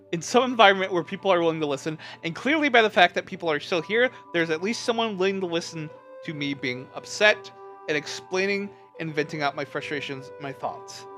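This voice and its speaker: A streamer venting to a livestream chat, impassioned and exasperated, trying to stay measured while upset. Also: mid-range voice, lively intonation, a bit bright, soft background music.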